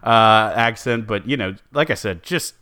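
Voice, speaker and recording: A man's voice: fairly low pitch, a little slow, bright, forceful tone, clear, resonant tone, no echo, studio quality. A man co-hosting a sports podcast, chatting casually with lots of fillers and restarts. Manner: chatty, many fillers and restarts, laughs easily. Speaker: podcast co-host.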